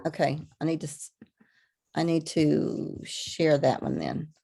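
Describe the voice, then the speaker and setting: A woman gives a live online lecture as a webinar presenter. She talks haltingly, with many ums and restarts, over a video call. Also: deep voice, sing-song, creaky, dark tone, breathy edge.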